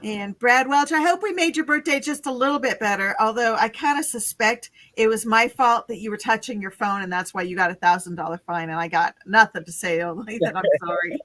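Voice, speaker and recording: A woman's voice: medium pitch, brisk, hardly any pauses, fairly bright tone, dry recording. A woman hosting a late-night live stream, chatting casually, giggling and greeting viewers by name. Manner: chatty, giggly, reads out chat names.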